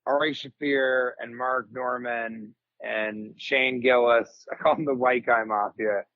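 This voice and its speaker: A man in his forties, a comedian guest on a podcast, telling rambling stories in casual chat and jumping into high comic voices when quoting people. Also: unhurried, no room sound, narrow, tinny audio. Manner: rambling, animated storyteller, jumps into high comic voices for quotes.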